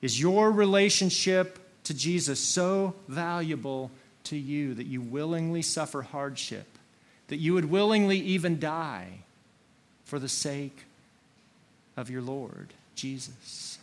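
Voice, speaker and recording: A man preaching a sermon, slow and earnest, leaning on single words for emphasis. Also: a little high, lively intonation. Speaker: pastor.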